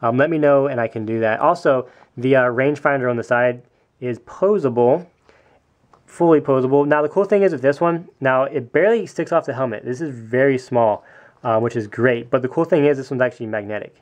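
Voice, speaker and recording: Young male vlogger, mid-pitch, casual and chatty, lots of ums, self-correcting as he shows his build. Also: fairly quick. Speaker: custom toy maker. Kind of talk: casual show-and-tell vlog.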